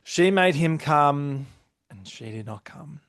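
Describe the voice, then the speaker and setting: A man hosting a casual podcast chat, animated and laughing often as he acts out quotes in exaggerated voices. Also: a little high, takes it slowly, no room sound, studio quality. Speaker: podcast host.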